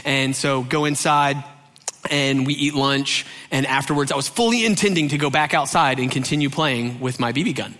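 A man's voice: mid-range voice, moderate pace. A man from Georgia in the US telling a humorous personal anecdote, acting out the voices of the people in it and often adding "right?". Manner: animated, acts out quoted voices, frequent "right?" asides. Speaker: storyteller.

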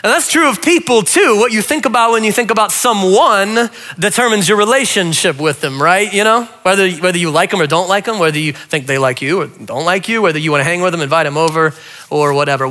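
Bright high-voiced animated male preacher. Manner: animated storytelling with quick voiced asides. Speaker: pastor. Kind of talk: humorous sermon.

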